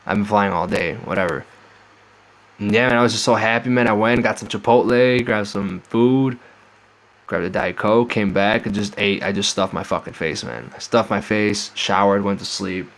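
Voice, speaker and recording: Young male storyteller, low voice, casual and profane, mimics the people in his story. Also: normal speed, fairly bright tone, rough recording. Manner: rambling, profane, acts out the voices of people he met. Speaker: vlogger telling a travel story.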